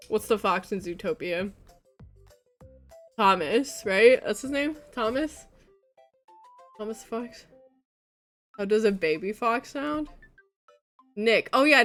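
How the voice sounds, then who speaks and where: A young woman streaming a game, chatting casually and breaking into loud laughing shrieks. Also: mid-range voice. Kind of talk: casual gaming stream chat.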